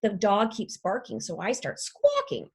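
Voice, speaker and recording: A woman's voice: unhurried, slightly rough, full character voice. A woman reading aloud as a chatty, dramatic classroom pet parrot who makes up rhymes. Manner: lively storytelling with playful rhymes and pitch leaps. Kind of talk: children's book read aloud.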